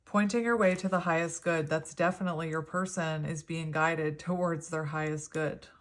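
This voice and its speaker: Woman, 30s, tarot reader. Gentle, meandering, slightly low voice. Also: fairly even intonation, moderate pace. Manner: gentle, rambling, spiritual. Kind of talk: pick-a-card tarot reading.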